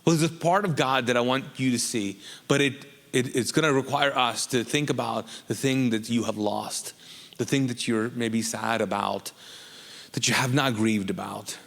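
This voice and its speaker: A man's voice: medium pitch, steady tone, moderate pace, gravelly, a bit bright, in a large hall. A man from Kuwait, a pastor preaching a sermon in a casual, joking style that often asks the congregation questions.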